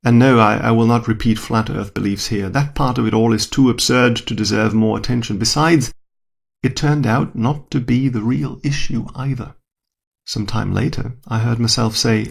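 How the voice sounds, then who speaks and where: A man's voice: mid-range voice, fairly even intonation, normal speed, gravelly, husky. A man, a scientist, telling a first-person story in a dry, wry, self-deprecating manner.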